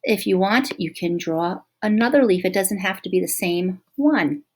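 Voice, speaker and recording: Gentle woman teaching young kids. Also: mid-range voice, animated. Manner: gentle, slow and encouraging, sounding out words. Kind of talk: online lesson for young children.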